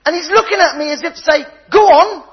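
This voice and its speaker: Older man preaching, high husky voice, animated storytelling, slightly dull recording. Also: racing. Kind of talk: sermon.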